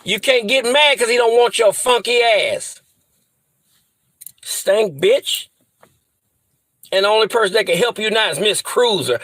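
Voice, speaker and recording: A man's voice: sits high, measured pace, long pauses, fairly bright tone, dry recording, poor audio. A man ranting angrily to his viewers, profane and threatening, repeating insults over and over. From US Midwest. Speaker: vlogger. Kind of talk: angry rant to camera.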